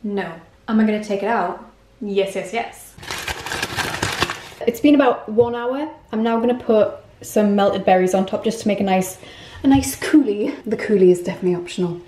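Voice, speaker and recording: A woman's voice: medium pitch, normal speed, reverberant, noisy background. A young woman walking through recipes in her home kitchen, chatty and self-mocking. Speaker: cooking vlogger. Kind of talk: casual recipe walkthrough.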